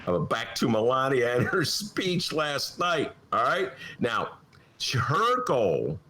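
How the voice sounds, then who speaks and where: A man hosting a comic political talk show from his attic, sarcastic and animated, with a Chicago accent. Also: medium pitch. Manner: sarcastic, animated, jumps between mock voices and asides. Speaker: podcast host. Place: home attic studio.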